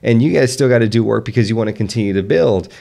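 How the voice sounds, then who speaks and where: Podcast guest, thirties, faint Southern accent, low pitch, a gravelly edge, earnest. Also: male voice, quick pace, mellow. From Southern United States. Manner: earnest, many restarts. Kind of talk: casual conversation.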